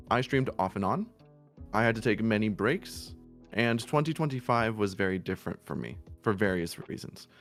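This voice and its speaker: A man streaming from home, giving casual, blunt advice to other streamers, and swearing freely for emphasis. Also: on the low side. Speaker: VTuber streamer.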